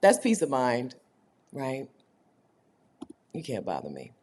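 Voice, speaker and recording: A woman hosting a casual livestream, reading viewer comments aloud, emphatic and animated, laughing often and swinging between loud high bursts and low murmurs. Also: slow, breathy edge. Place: indoors, home setting while living abroad.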